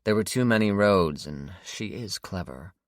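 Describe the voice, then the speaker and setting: A man's voice: low voice, lively intonation, normal speed, dry recording, studio quality. A male narrator voicing a cold, menacing woman who leads a gang, speaking in clipped, threatening lines. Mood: cold menace.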